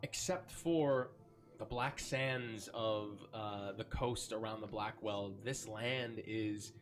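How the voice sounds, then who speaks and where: A man running a tabletop game as game master, describing scenes slowly with many ums and likes. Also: lowish voice.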